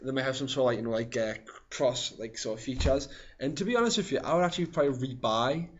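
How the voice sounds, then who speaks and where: A man's voice: medium pitch, fast talker. A man hosting a casual gaming podcast, rambling with many fillers. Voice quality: rambling, lots of fillers and hedges. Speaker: podcast host. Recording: dull lo-fi sound.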